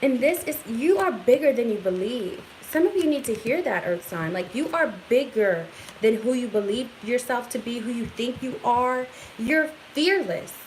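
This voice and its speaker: A woman giving an excitable, affirming tarot reading straight to her viewers in a casual home recording. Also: a little high, normal speed, a little hiss or hum, poor audio. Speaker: tarot reader.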